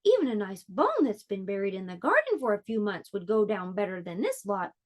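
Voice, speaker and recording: A woman's voice: mid-range voice, very animated, fairly quick. A woman voicing a fussy male dog who barks and grumbles about his food. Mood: grumbling. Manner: barking and grumbling.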